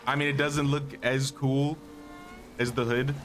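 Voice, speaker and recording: A man's voice: mid-range voice, little pitch movement, a little slow, a bit bright, faint music behind. A man casually talking through a live game stream, thinking aloud and greeting viewers, his voice a bit worn. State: slightly losing his voice.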